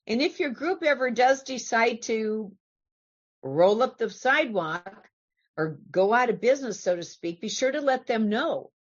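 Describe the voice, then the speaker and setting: A woman's voice: fairly high pitch, expressive, unhurried. Woman from california talking to a recovery group, earnest and chatty, kinda dull lo-fi sound. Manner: earnest, conversational, asks the audience questions. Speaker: recovery meeting speaker. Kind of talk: recorded recovery talk.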